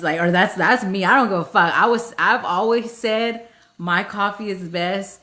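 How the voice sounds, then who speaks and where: A woman's voice: medium pitch, moderate pace, pushed and bright. A woman hosting a live healing session, chatting casually, laughing often and getting tearful, with casual swearing. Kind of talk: casual live-stream chat.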